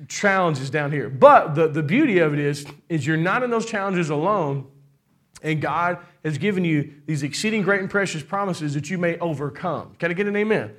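Male pastor, middle-aged, high bright voice, preaching with lots of call-and-response. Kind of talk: sermon.

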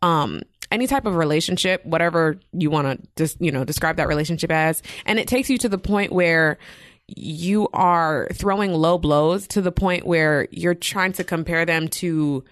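A woman's voice: low-pitched, moderate pace, no room sound, clean studio sound. A woman co-hosting an advice podcast, talking earnestly and rambling with fillers. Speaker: podcast co-host. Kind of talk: casual advice chat.

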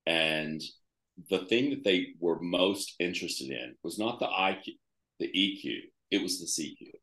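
A man's voice: low voice, a little slow, fairly bright tone, reverberant. A man being interviewed as a guest author, talking conversationally and listing examples with fillers.

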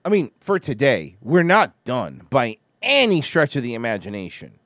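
A man's voice: mid-range voice, wildly swooping pitch, moderate pace, a bit bright, no echo, studio quality. A man hosting a comedy podcast, ranting crudely and mocking his targets with explosive outbursts. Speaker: podcast host. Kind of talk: profane comedy rant.

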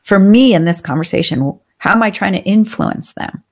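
Female coach as podcast guest, mid-pitch, assured and upbeat, explains clearly. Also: animated, moderate pace, a little mellow. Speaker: leadership trainer and coach, guest.

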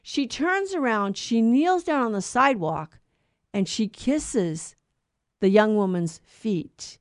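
A woman's voice: a little high, animated, takes it slowly, no echo, studio quality. Earnest woman co-host telling a faith lesson. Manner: earnest storyteller who acts out quoted voices. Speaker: co-host of a Catholic talk show. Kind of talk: conversational faith teaching.

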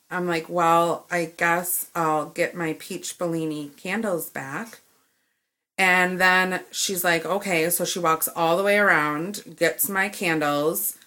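Chatty, bright-voiced woman telling a story. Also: fairly low pitch. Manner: animated, acts out both sides of the exchange. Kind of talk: casual storytelling rant.

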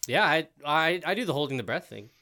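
A laid-back man chats on a casual podcast and laughs easily. His fairly high voice moves up and down a lot. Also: lively intonation, a little fast, bright, forceful tone. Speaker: podcast co-host. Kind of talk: casual chat.

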